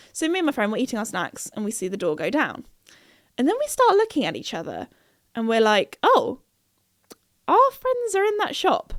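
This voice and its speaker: A young woman in her twenties hosts her podcast, telling a story in a casual, animated way, full of "like" fillers. Her voice sits a little high and swings widely in pitch. The recording is dry and close. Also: dry recording. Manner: animated, chatty, many "like" fillers. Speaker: podcast host.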